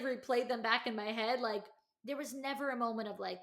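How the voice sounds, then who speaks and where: Chatty woman podcast host telling a story. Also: brisk. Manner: chatty, heavy use of "like" and "you know"; animated, acts out quotes in a higher voice. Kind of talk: casual storytelling monologue.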